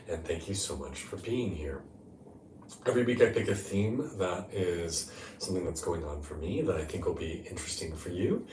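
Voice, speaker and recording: A man hosting a live-streamed guided meditation talk, speaking in a gentle, unhurried way from a hotel room. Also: deep voice, echoey room, far from the mic, slight background noise. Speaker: life coach and meditation host.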